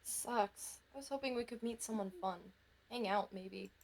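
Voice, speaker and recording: A woman's voice: on the high side, normal speed, creaky. A woman reading the lines of a friendly, hopeful young boy in a visual novel. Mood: disappointed.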